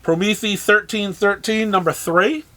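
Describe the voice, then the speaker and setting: Man, high pitch, casual weekly comic rundown, dry sarcastic asides, halting restarts. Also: steady tone, bright, forceful tone. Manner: dry, sarcastic asides between listed titles. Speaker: comic shop presenter of weekly new releases. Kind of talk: casual rundown of new releases.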